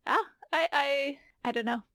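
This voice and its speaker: Chatty woman from North Carolina, gravelly voice. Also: high voice, moderate pace, pushed and bright, no echo, clean studio sound. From North Carolina, USA. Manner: chatty, laughs often, acts out voices in anecdotes. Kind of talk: casual chat.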